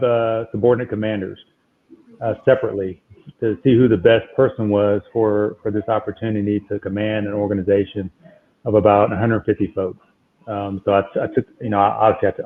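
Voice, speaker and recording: Emphatic man on a tinny line. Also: lowish voice. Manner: animated, emphatic, retells exchanges with repeated "I'm like". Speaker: guest. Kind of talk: conversational storytelling.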